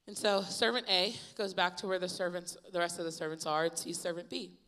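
A young woman preaching a youth sermon, retelling Bible stories in a lively, casual storytelling way. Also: fairly low pitch, a little fast, few pauses. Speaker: youth pastor. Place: church youth service.

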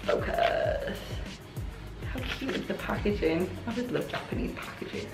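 Young woman, excitable vlogger, gushing, slightly hoarse, echoey room, faint music. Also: mid-range voice, normal speed. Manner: excitable, gushing, many oh my gods. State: voice going hoarse. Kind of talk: casual unboxing chat.

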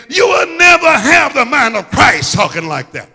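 Fervent preaching man, bright and echoing. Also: extremely high pitch, huge pitch swings, normal speed, breathy edge, faint music behind. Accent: Midwestern American. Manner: fervent preaching, swings from hushed to shouting. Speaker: pastor. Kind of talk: sermon. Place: church sanctuary. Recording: church sanctuary with long reverb.

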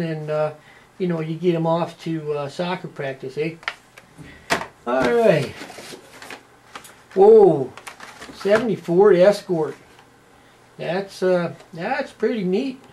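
His voice sits high and has a dark tone, with slight background noise in the clip. He's a toy unboxing presenter with a Canadian accent whose rambling, folksy commentary is full of "uh" and tagged with "eh".

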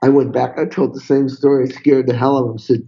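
An older man, a guest on a podcast interview, telling stories in an animated, swearing way and acting out what people said. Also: mid-range voice, fast talker, dull audio. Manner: animated, swearing, acts out quotes. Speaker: guest drummer. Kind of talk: storytelling interview.

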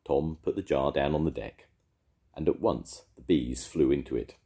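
Very deep-voiced grandad reading a story. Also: male voice, moderate pace. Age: older. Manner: expressive, animated reading. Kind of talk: children's story read aloud.

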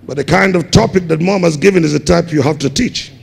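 A Ghanaian man preaching a sermon as pastor, building up to shouted emphasis on key words. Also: a little high, fast, creaky, slightly rough. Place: large church hall. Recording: long hall reverb.

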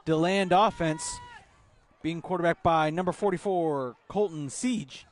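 A man calling youth football play-by-play outdoors at a field, relaxed, with filler words. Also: on the high side, unhurried. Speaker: play-by-play commentator.

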